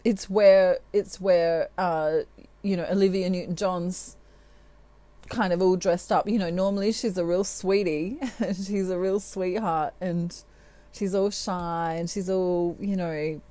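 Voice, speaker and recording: Slow, mellow-voiced woman tarot reader. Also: on the low side, steady tone, dry recording. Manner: laughs often, acts out quotes. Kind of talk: tarot reading monologue.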